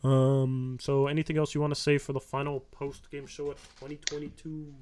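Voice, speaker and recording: A man in the middle of a loose postgame podcast chat, talking in a rambling, easygoing way. His voice sits at an ordinary middle pitch and often trails off softer toward the end of his thoughts. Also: little pitch movement, normal speed, crowd noise. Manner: rambling, laughs often, drifts soft and quiet. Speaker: podcast host.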